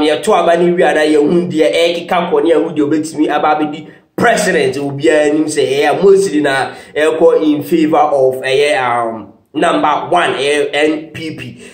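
Man, high-pitched, animated political commentary, roomy echo. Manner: animated, mixes Twi and English, laughs. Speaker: news commentator.

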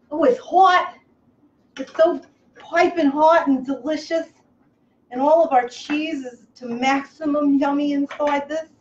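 A woman hosting a comic live cooking show from a kitchen, over-the-top excitable, breaking into squeals and gushing. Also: high-pitched. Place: home kitchen. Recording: echoey kitchen, slightly dull, faint hiss.

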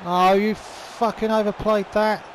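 His voice is high-pitched and flat, a little slow, with a bit of hiss or hum on the recording. The young commentator swears his way through a football game, griping about the play and shouting at the referee.

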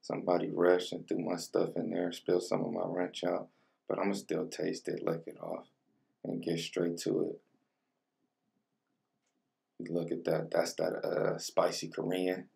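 A young man rambles in relaxed slang through a mukbang-style food vlog. His voice sits very low with a heavy gravelly rasp, and he is heard from a little away from the mic. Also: a little slow, pauses often, recorded from a distance. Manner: laid-back slang-heavy chatter between bites. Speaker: mukbang vlogger. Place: home room with colored lighting.

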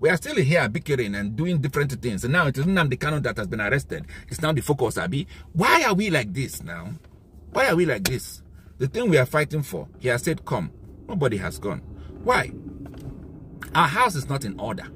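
A man with a Nigerian accent speaking in an impassioned monologue, emphatic and given to indignant outbursts, his voice worn and hoarse. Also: mid-range voice, very animated, brisk, fairly bright tone, a little hiss or hum. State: losing his voice. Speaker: commentator.

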